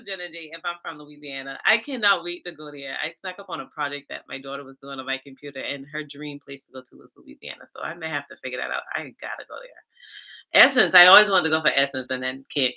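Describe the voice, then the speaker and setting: Casting: a middle-aged Southern woman livestream host, Charleston accent, bright tense lower voice, sassy and animated. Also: quick pace, creaky. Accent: Southern US Black vernacular, Charleston Geechee. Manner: animated, sassy, talks back to chat comments. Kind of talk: casual livestream chat with viewers.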